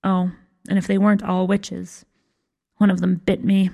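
A woman's voice: medium pitch, monotone, normal speed, gravelly, dark tone. A woman reading a first-person fantasy story aloud with a wry, dry humor. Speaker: story reader. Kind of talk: scripted fiction narration.

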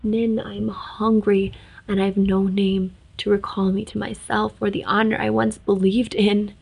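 A woman voicing a century-old male ghost who talks in a soft, hushed, half-whispered way. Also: mid-range voice, flat delivery, measured pace, vocal fry, husky, low-quality recording. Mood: hushed pleading.

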